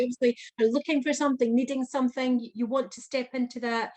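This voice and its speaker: Animated woman telling a story. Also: high voice, fast talker, few pauses. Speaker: guest. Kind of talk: storytelling interview.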